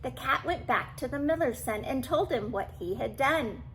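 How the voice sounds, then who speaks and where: An older woman reading a classic storybook aloud to children, animated and stopping for asides to the listener. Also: sits high, normal speed, a little hiss or hum, low-quality recording.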